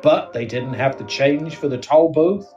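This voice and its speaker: A man's voice: mid-range voice, little pitch movement, takes it slowly, distant mic, muffled recording, soft background music, lightly acted. A man voicing an eager, folksy American presenter named Bob, hammy and overly chipper.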